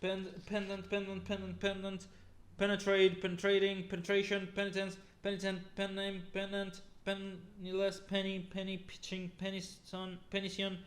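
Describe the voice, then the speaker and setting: A man's voice: sits high, completely flat delivery, moderate pace, few pauses, fairly bright tone. A man reading a long list of words aloud one after another, often stumbling, restarting and repeating them, sounding weary from the long reading. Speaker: YouTuber.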